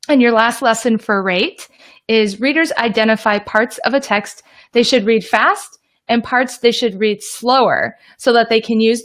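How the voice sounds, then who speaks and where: A woman explaining reading lessons to teachers in an upbeat, direct teaching talk. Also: medium pitch. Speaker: teacher trainer.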